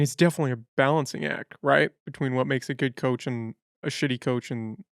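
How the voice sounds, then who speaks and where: A man's voice: medium pitch, creaky, no echo, studio quality. A man hosting a podcast, asking long searching questions and thinking aloud in a conversational interview. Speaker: podcast host.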